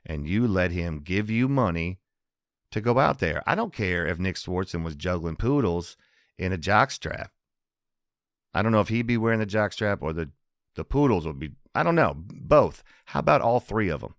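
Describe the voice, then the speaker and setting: Low-voiced rambling podcast host. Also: male voice, animated, moderate pace, no room sound, clean studio sound. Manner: rambling, self-interrupting, laughs at own jokes. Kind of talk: casual comedy podcast monologue.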